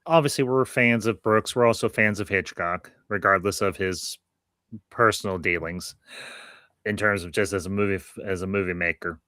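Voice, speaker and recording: A male podcast host talks in a bright, sharp and smooth voice, recorded dry and close. He chats casually and rambles, often restarting and repeating his phrases. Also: low voice, moderate pace, no echo. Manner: friendly sign-off, thanking viewers.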